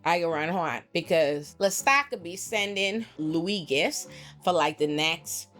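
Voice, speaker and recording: A young woman recapping a TV episode in a profane, animated way, slipping into put-on voices for quotes. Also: on the low side, measured pace, faint music behind. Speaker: pop culture commentator.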